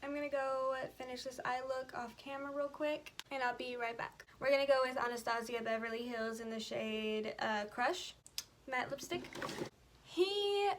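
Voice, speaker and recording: A young woman with a high voice talks straight to her viewers, chatty and a little tearful as she tells a personal story. She speaks casually and breaks off now and then, putting on her makeup as she goes. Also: normal speed, a bit bright, slight background noise. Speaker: beauty vlogger.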